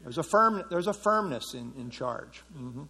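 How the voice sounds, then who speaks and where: A middle-aged man teaching a Bible passage in a relaxed, conversational way, with many fillers and restarts. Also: a little high, measured pace, slight background noise. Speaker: pastor teaching a Bible study.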